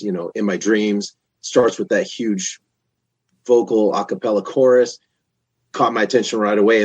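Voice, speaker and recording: A man in his fifties, a podcast guest, telling a long story in a casual, animated way with lots of restarts. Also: on the low side, breathy edge, no room sound. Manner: animated, chatty, many restarts.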